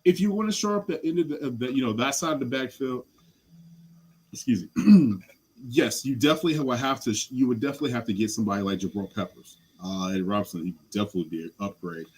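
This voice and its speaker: A man's voice: medium pitch, fast talker, darkish tone, breathy edge, low-quality recording. A man talking as a podcast guest in casual sports chat, passionate, blunt and rambling.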